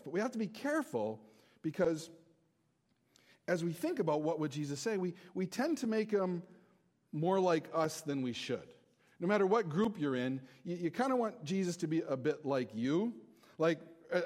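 Guy preaching in church, kinda high voice, chatty and jokey, teasing the crowd. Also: darkish tone. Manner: chatty, self-deprecating, joking with the congregation. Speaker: pastor. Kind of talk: casual sermon with jokes. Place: church hall before a congregation.

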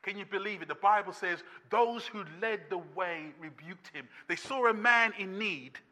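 A man preaching a sermon as pastor, impassioned and building to shouts with repeated refrains. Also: high-pitched, normal speed. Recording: long reverb of a church hall.

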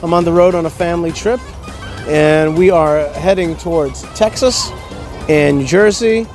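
A man's voice: a little high, moderate pace, darkish tone, soft background music. A male show host telling a story in a casual monologue, talking from poolside at a motel, with fillers as he goes.

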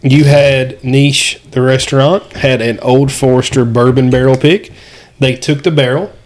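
A man's voice: mid-range voice, steady tone, unhurried. A man co-hosting a casual podcast chat, explaining things step by step with frequent restarts. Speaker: podcast co-host.

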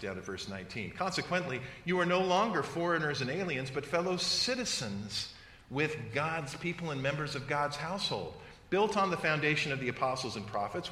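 In a church sanctuary with an echoey hall and long reverb, a US pastor preaches a sermon and reads scripture aloud. His slightly high voice is bright and forceful, and he uses playful mock voices for his examples.

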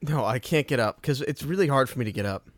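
A man's voice: mid-range voice, expressive, fast, no room sound. A young man with a mid-range voice teases his friends in an easygoing drawl, swearing casually. He records at home from his bed on a dry, close microphone. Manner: teasing, laid-back, swears. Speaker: podcast co-host. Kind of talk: casual chat. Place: bedroom at home. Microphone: home mic on a stand.

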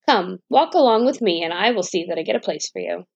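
A woman voicing a gruff male cart driver who talks curtly and asks short questions. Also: medium pitch, lively intonation, a little fast, dry recording. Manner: curt, questioning. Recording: dull dry lo-fi recording.

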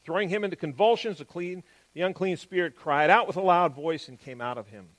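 A man giving an explanatory Bible teaching, stressing key words and moving between quick and drawn-out phrasing. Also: a little high, a bit bright.

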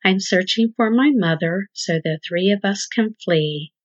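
A woman's voice: mid-range voice, unhurried, no echo, natural voice. A woman voicing a frightened little hen chick who talks urgently and anxiously. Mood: alarmed. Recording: dull lo-fi dry recording.

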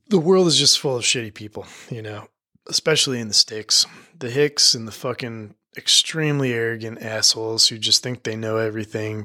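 A middle-aged man with a bright, forward voice talks through a podcast intro in a loose, rambling way. He swears often and keeps looping back with fillers, sitting at an ordinary middle pitch. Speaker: podcast host. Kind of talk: emotional spoken intro monologue.

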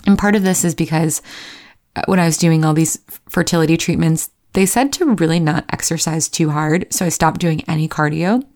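A woman's voice: deep voice, a little fast, darkish tone. A woman in her thirties telling a candid, self-deprecating personal story to camera, sometimes acting out her own inner voice. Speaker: vlogger.

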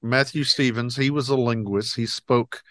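A man co-hosting a casual podcast, speaking in halting bursts with frequent fillers. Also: mid-range voice, fairly even intonation, a bit bright, no room sound, clean studio sound. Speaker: podcast co-host. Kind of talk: casual chat.

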